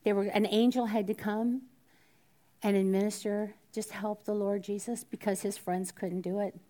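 A woman's voice: mid-range voice, flat delivery, moderate pace, mellow. A woman teaching a Bible study in a conversational way, asking the group questions and sometimes dropping to a whisper. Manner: conversational, drops to a whisper at times, asks the room questions.

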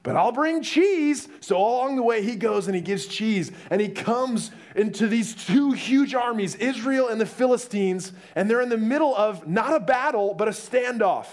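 A young man preaching a sermon, telling the story in a lively way and acting out the voices. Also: high-pitched, moderate pace, hardly any pauses.

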